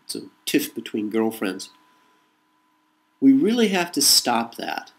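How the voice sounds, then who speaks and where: A man from the United States talks straight through a political monologue in a voice of ordinary pitch. His delivery is rhetorical and insistent, and he keeps returning to the same refrain. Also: sing-song, slow pace, vocal fry, rough recording. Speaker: political commentator. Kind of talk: monologue to camera.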